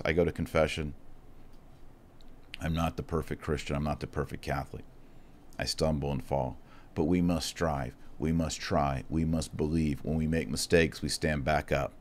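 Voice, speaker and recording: A middle-aged man with a deep, low voice gives an impassioned talk as a Catholic speaker. He is earnest and emphatic, pressing his points loudly before dropping to a hushed, reflective tone as he tells his story.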